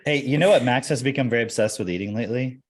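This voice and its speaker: A man's voice: mid-range voice, rapid-fire. A man from Texas hosting a podcast, chatting casually with a joking, rambling manner. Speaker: podcast host. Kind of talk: casual chat.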